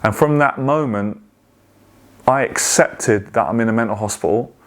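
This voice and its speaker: A man, giving an earnest personal testimony in a halting way, with many restarts and repeated words. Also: on the low side. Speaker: guest sharing a testimony.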